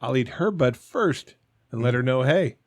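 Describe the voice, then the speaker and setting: A man's voice: medium pitch, animated, normal speed, no echo. A man in his forties co-hosting a crude podcast, telling profane stories bluntly. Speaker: podcast co-host. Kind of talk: crude casual chat.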